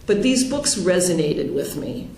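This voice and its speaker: A woman's voice: on the low side, unhurried, reverberant, slight background noise. A middle-aged woman with a Boston accent, telling a personal story to a congregation in an earnest, storytelling way. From Pennsylvania. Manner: earnest, storytelling, lively quoted dialogue. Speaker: guest speaker.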